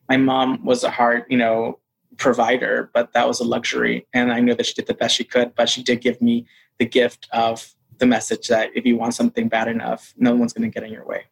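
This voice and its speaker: A man's voice: mid-range voice, creaky, husky, low-quality recording. A man being interviewed as an actor guest, telling stories casually and with animation. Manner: animated, acts out voices in his stories; lively, laughs often.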